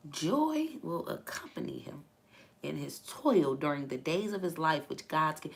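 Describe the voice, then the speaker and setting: Woman, gravelly low voice, laid-back livestream Bible chat with viewers. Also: big pitch swings, moderate pace. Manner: laughing, chatty, reads viewer comments aloud. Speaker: livestream host reading the Bible. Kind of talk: casual live chat with viewers.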